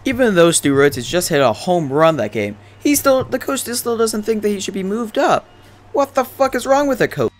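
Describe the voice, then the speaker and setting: A man's voice: sits high, moderate pace, soft background music. A young man doing profane, rambling, joking commentary over a baseball video game. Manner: profane, rambling, deadpan jokes. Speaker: gaming commentator.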